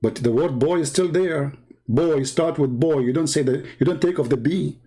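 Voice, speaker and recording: A man's voice: on the high side, normal speed, husky. A man hosting a call-in debate show, talking heatedly and mockingly and cutting in on his callers. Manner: mocking, shouting, interrupting.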